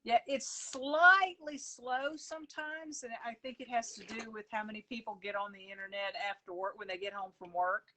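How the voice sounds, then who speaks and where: Bright-voiced woman telling a rambling story. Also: on the high side, moderate pace, hardly any pauses, slight background noise. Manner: rambling storyteller with many fillers. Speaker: guest, coloring book author. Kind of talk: casual chat over video call. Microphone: phone.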